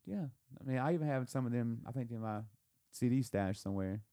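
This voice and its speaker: Rambling mid-pitched man in casual chat. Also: animated, fairly quick, warm tone, dry recording, clean studio sound. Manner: rambling with restarts and laughs. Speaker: podcast co-host.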